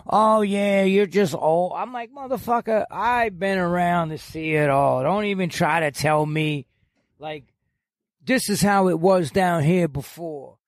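An older man with a thick New York accent talks in a fairly high voice, blunt and full of profanity as he tells his stories. The sound is close and dry, with no room around it. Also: unhurried, no echo. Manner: blunt, profane, animated storyteller. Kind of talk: casual chat.

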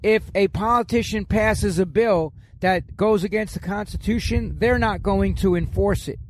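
An older man with a New York accent, telling stories in a blunt, profane, animated way in casual chat. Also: high voice, moderate pace, a little hiss or hum.

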